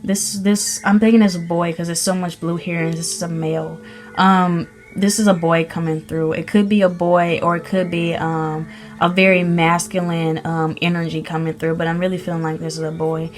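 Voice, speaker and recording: A woman's voice: lowish voice, level tone, normal speed, soft background music. A woman giving a casual tarot reading, gushing and chatty, with many ums and restarts. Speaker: spirit baby medium giving a tarot reading.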